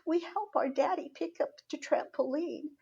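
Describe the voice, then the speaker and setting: Woman putting on a little crying girl voice, high and whiny, raspy underneath. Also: normal speed, warm tone, muffled recording. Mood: tearful pleading. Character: small crying girl, upset and stubborn.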